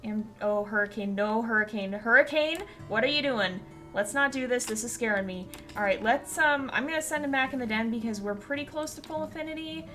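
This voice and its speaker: A woman streaming a wildlife game, chatting casually with viewers and reacting out loud to what happens. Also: a little high, a little fast, hardly any pauses, faint music behind. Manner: chatty, reacts loudly and squeals when scared; soft and gentle when giving advice to viewers. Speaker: gaming streamer. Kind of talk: casual let's-play commentary.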